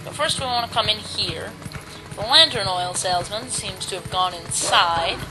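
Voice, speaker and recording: A woman's voice: mid-range voice, moderate pace, rough recording. A woman giving casual, jokey commentary while playing a video game. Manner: chatty, jokey, self-mocking. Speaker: let's play commentator. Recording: loud game music behind.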